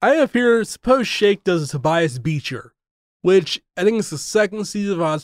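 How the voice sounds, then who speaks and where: A man's voice: no echo, studio quality. A man chatting casually on a movie podcast, joking and often restarting his sentences. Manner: jokey, trails off and restarts, drops low to quote lines. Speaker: podcast host. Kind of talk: casual movie review chat.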